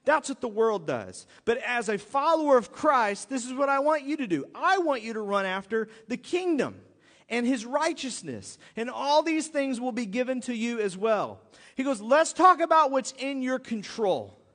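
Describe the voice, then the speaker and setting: A man preaching a sermon in an animated, pleading and joking way to his congregation. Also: very high voice, normal speed, in a large hall. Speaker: pastor.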